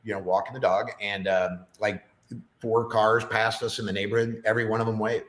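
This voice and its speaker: A middle-aged podcast guest rambles chattily through a casual conversation, leaning heavily on fillers. His fairly bright voice is on the low side, level in tone and brisk, and the room gives it a noticeable echo.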